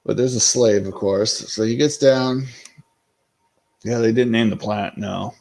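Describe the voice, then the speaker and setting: His voice is on the low side, steady, gravelly, and a little mellow, and he speaks unhurriedly. Hosting a casual livestream recap of a show episode, he rambles to his chat without a script and swears freely.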